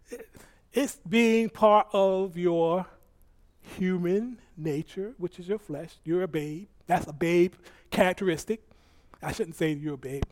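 High-voiced animated male pastor preaching. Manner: animated, swings from soft asides to loud bursts; reads scripture aloud with halting restarts and laughs. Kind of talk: sermon.

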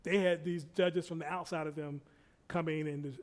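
A man preaches a sermon in a high, ringing voice. He repeats key phrases again and again. His loudness swells and drops as he drives each point home. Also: steady tone, normal speed. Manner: repetitive, rising and falling in loudness.

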